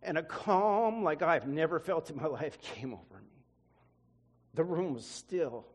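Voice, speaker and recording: A man's voice: fairly high pitch, animated, a little slow, slightly rough. Man preaching in an echoing hall. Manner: emotional storytelling, repeating words. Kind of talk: sermon testimony. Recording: long hall reverb.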